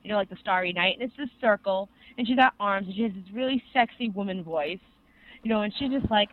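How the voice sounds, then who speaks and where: A young adult co-host excitedly rambling through an anime recap in casual podcast chat, full of fillers. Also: mid-range voice, fast talker. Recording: tinny phone-like sound.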